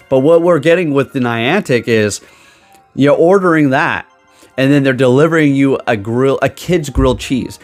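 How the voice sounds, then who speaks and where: Rambling, sarcastic man ranting. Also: medium pitch. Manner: rambling, sarcastic, restarts mid-sentence. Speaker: gaming YouTuber. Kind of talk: ranting casual vlog. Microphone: desk microphone.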